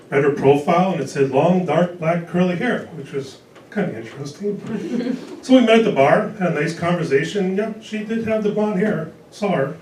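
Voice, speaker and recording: A high-voiced older man in his sixties works through a stand-up set and lands dry one-liners deadpan. He sounds distant and roomy, as if picked up from across a club. Audience laughter comes through clearly behind him. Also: slight background noise. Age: 60s. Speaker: stand-up comedian. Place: comedy club stage. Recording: echoey club recorded from a distance.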